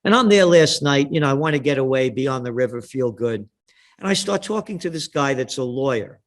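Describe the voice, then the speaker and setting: A man's voice: medium pitch, animated, brisk. A man telling heated, combative stories in a ranting monologue.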